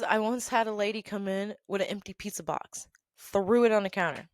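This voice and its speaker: Speaking a little fast in a mid-range voice, this storytelling vlogger recounts work stories with sass and emphasis, laughing frequently and asking "okay?" along the way. The audio has no echo, and the mood is animated and casual.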